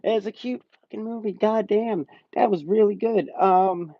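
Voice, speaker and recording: A man's voice: high voice, measured pace, vocal fry, dry recording. A young man casually reviewing a movie on a live stream, rambling and swearing, often laughing. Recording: slightly muffled dry stream audio.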